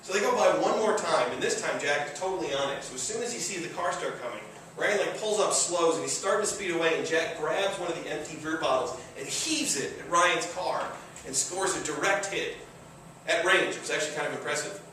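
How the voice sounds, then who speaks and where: A man's voice: a little high, brisk, sharp tone, a little hiss or hum. A man from Michigan telling a funny true story on stage in a casual way, full of fillers and with a chuckle in his voice. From Michigan, USA. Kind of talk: live comedic storytelling. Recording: very echoey room, distant mic.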